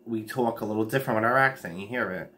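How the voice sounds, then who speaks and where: A man talking bluntly on a casual late-night livestream, rambling and cursing freely, with sudden jumps up in pitch and loudness. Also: fast talker, slight background noise.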